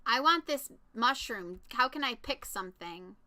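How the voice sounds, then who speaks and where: A woman streaming a browser game, chatting and reacting excitedly out loud as she plays. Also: on the high side, a little slow. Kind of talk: casual live game stream commentary.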